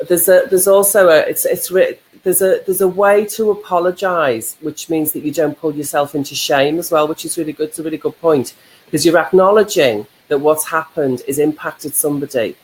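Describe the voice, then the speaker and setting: A woman's voice: deep voice, steady tone, moderate pace, a little mellow, low-quality recording. A woman co-hosting a casual live chat, who reflects and explains ideas through examples. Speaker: co-host, life coach.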